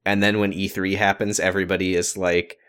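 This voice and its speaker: A man's voice: low voice, level tone, quick pace, a bit bright, clean tone. A man hosts a casual podcast over a voice chat call. He reads out listener questions and jokes crudely, laughing often. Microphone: video call voice chat.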